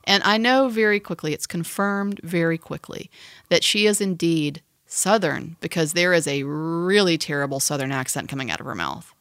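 Woman, podcast co-host, casual chat, playful, bright tone, dry sound. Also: deep voice, moderate pace, no echo. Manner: chatty, playful, lots of laughing asides.

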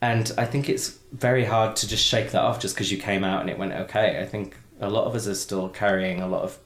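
A man's voice: fairly low pitch, steady tone, fairly quick. A man co-hosting a casual podcast, teasing and laughing often, then talking openly. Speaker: podcast co-host. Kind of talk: casual chat. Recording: roomy echo.

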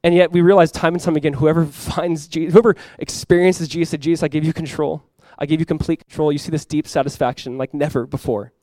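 A man preaches a sermon at a quick clip, bouncing between explanation and acted-out quotes. His voice sits a bit high for a man and sounds dry and close. He often repeats words as he builds momentum. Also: no echo. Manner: animated, acts out quoted voices, repeats himself. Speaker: pastor.

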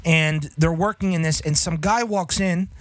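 A man's voice: fairly high pitch, moderate pace, no room sound. Rambling, cursing man on a podcast. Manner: rambling, swears freely, many restarts. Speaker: podcast co-host. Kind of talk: casual chat.

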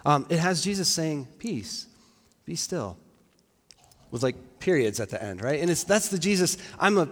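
A man's voice: on the high side, in a large hall. A man preaching a sermon in a conversational, reflective way, with fillers and restarts, in a church.

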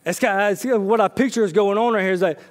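A male pastor delivers a fast sermon in a conversational style, moving between loud, excited outbursts and quiet, low asides while weaving in personal stories.

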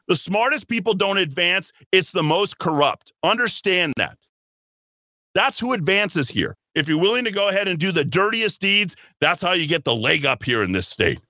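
Bright, combative male talk radio host. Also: on the high side, big pitch swings, normal speed, no room sound. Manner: combative, emphatic, mocking. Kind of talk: political talk radio monologue.

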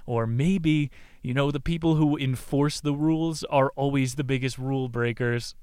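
A man talks through a book summary in a loose, irreverent way, tossing in crude jokes and laughing asides. His voice is smooth and clear at a middle pitch. It is recorded dry inside a car, with no echo. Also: flat delivery, normal speed, darkish tone. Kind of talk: casual chat.

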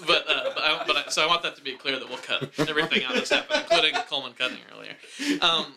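A man's voice: fairly high pitch, very animated, rapid-fire, crowd noise. A man hosting a comedy podcast, rambling through fillers and restarts as he chats. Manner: rambling, with frequent fillers and laughter. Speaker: podcast host; drummer. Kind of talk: improvised comedy chat.

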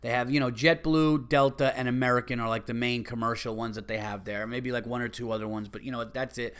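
A man, hosting a podcast and telling a story in an animated, exasperated way. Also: mid-range voice, fast talker, clear, resonant tone. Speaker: podcast host. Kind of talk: casual storytelling monologue.

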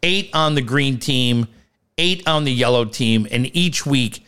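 A man co-hosting a casual sports talk podcast, animated, laughing at his own jokes and rising sharply in pitch when worked up. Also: measured pace, clean tone. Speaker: podcast co-host.

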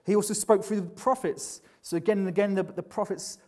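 A man's voice: sits high, fairly even intonation, brisk, darkish tone. Earnest man preaching a sermon. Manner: conversational, earnest, with frequent restarts.

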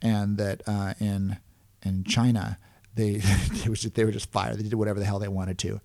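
A man's voice: level tone, normal speed, vocal fry, mellow. A man, a clown performer and podcast guest, telling stories in a casual interview. He rambles with many restarts and chuckles. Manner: acts out other people's panicked lines in a higher voice.

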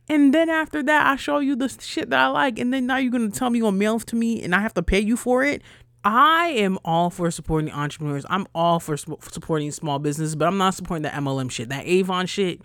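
A young woman from New ranting bluntly as a podcast host, swearing freely and her voice jumping loud and high when she gets riled. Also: fast, no room sound, studio quality. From New York, USA. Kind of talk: casual ranting monologue.

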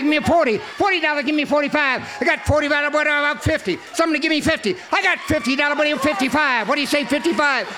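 A man runs a rapid, rattling auctioneer chant, calling out bid after bid. His voice is very high and forceful, and he shouts to carry over the room. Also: slight background noise. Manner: loud, rattling off bids. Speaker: volunteer auctioneer.

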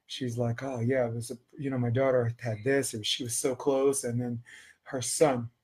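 A man's voice: mid-range voice, level tone, normal speed, darkish tone, breathy edge. A man from New York who coaches volleyball, telling a story on a podcast, acting out quotes and swearing freely.

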